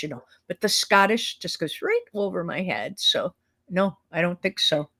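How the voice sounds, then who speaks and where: A woman's voice: fairly low pitch, animated, normal speed, sharp tone. A middle-aged woman co-hosting a live talk show over a video call, chatting casually and rambling with fillers and restarts. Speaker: co-host. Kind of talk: casual chat.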